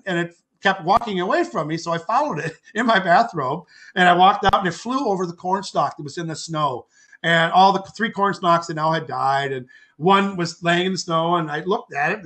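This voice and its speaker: An older man with a high voice tells a long personal story as a podcast guest. His tone is bright and forceful. He rambles, repeats words and acts out what people said. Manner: acts out quoted speech with lively voices. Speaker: podcast guest, author and artist.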